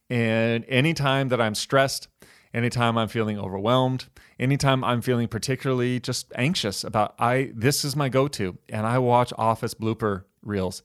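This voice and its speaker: A chatty man speaks casually to his church audience, sprinkling in plenty of "you guys" and easy fillers. His voice is smooth and resonant, sitting at an ordinary pitch for a man. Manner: chatty and warm-humored, often saying "you guys", with frequent ums and uhs.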